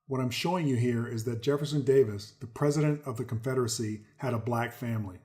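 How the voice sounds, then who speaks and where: A man's voice: medium pitch, fast, darkish tone. A man hosting a commentary video, reading articles aloud and stressing key words, often speaking to viewers as folks. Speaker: host.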